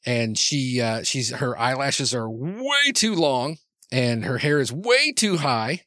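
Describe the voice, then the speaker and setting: A man's voice: medium pitch, very animated, slow pace, pushed and bright, no room sound, clean studio sound. Rambling man running a tabletop game. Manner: rambling, with many fillers and restarts. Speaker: game master.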